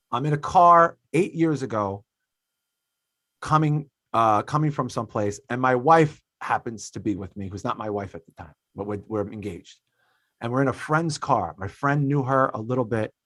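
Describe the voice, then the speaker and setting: A man in his thirties hosting a podcast, telling a story in an animated, profane way, swinging between loud and quiet. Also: mid-range voice, moderate pace, no echo. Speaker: podcast host. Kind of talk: casual podcast chat.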